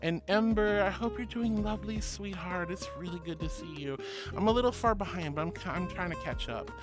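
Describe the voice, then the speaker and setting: A woman streamer chatting casually and reading out viewer messages, sweet and affectionate, her voice jumping up high when she greets people. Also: brisk, over music.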